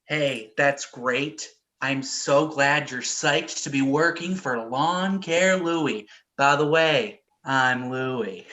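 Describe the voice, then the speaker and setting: A man's voice: medium pitch, takes it slowly, few pauses, sharp tone. A man improvising a cheerful boss of a lawn care company. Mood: cheery. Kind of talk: improv comedy scene.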